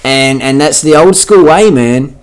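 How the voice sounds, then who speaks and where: A man's voice: medium pitch, measured pace. Aussie guy giving sweary, mocking commentary over race clips, blunt as anything, buzzing noises here and there. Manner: adds buzzing sound effects. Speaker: cycling vlogger.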